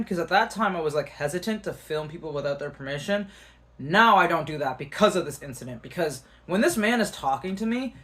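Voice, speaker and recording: A fairly high-voiced man tells a tense personal story straight to camera. He talks in a lively, animated way, peppered with fillers and the odd curse word. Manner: animated, swearing, many fillers. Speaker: vlogger.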